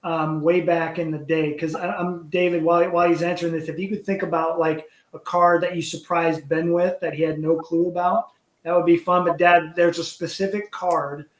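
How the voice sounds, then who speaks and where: A man's voice: on the high side, level tone, moderate pace, reverberant. A man co-hosting a podcast in casual chat, eager and talkative, rambling a little as he asks questions. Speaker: podcast co-host.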